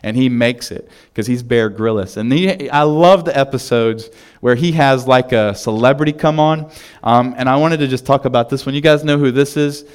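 Man, pastor, casual sermon, storytelling, fillers, medium pitch. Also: normal speed, clean tone. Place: church.

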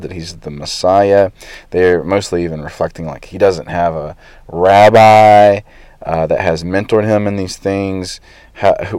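A man's voice: low voice, darkish tone, no room sound. A man in his thirties, a pastor preaching a conversational sermon with frequent fillers.

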